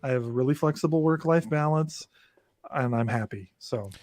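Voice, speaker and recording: A medium-pitched man talks at a moderate pace on a podcast he co-hosts from home, recorded on a remote setup with no echo. His casual chat rambles, stays animated, and is peppered with restarts.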